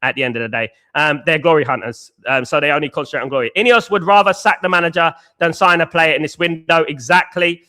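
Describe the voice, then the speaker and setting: A man's voice: on the high side, fast, hardly any pauses, pushed and bright. A man hosting a live football fan reaction stream, reading viewer comments aloud and ranting passionately, swearing and repeating his points to the chat. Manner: addresses chat viewers directly as guys and mate. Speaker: football fan channel host.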